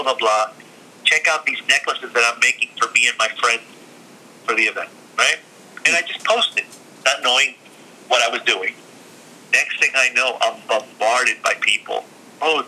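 Bright, animated middle-aged storyteller man. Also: mid-range voice, husky, rough recording. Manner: animated, acts out every quoted voice. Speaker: guest. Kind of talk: casual storytelling.

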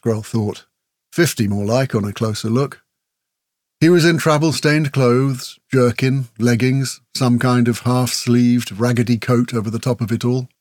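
A man reading a story as audiobook narrator, measured and steady. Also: mid-range voice, dry recording, studio quality. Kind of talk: scripted narration.

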